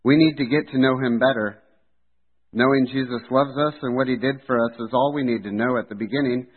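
A man preaching a sermon in an earnest, steady delivery. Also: medium pitch, brisk, slightly rough. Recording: tinny phone-like sound.

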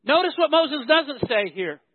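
Pastor guy preaching, really high voice, tinny dry phone-ish sound, repeats lines for punch. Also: lively intonation, a little slow, no echo. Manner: storytelling preacher, builds emphasis through repetition. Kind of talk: sermon.

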